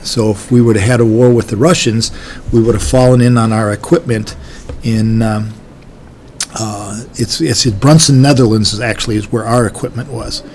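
A man's voice: lowish voice, fairly even intonation, normal speed, darkish tone, slight background noise. Older man, rambling folksy war memories. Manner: folksy, rambling, with many restarts. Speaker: army veteran recalling service. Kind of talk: oral history recollection.

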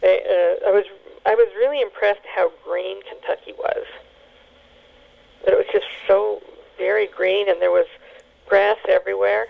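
A woman telling family memories in an oral history interview, halting with many fillers and restarts. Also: mid-range voice, fairly even intonation, gravelly. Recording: tinny phone line.

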